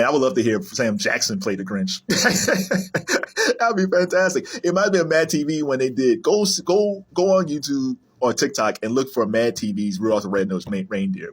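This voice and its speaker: Male creator, husky voice, expressive pitch, animated casual talk to camera. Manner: animated, laughs often, jumps into high silly voices. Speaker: video creator. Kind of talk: casual solo chat to camera.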